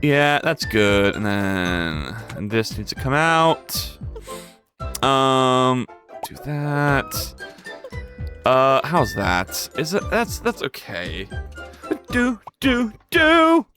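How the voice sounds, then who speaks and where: A live streamer chatting casually while working, rambling in self-talk and breaking into sudden loud outbursts and swearing. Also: medium pitch, sing-song, drawn-out words, faint music behind.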